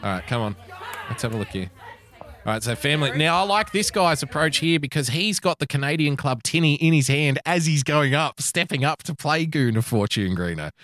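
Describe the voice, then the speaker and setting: A man's voice: a little high, expressive, fairly quick, a bit bright, dry recording. Joking man, dry close sound. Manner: jokey, laughs often, teasing. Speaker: podcast co-host. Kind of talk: casual banter.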